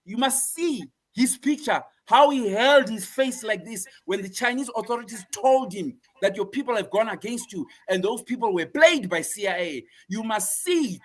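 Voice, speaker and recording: A man's voice: very high voice, lively intonation, normal speed, few pauses. A man giving impassioned political commentary as a guest, fiery and preaching, hammering the same phrases again and again.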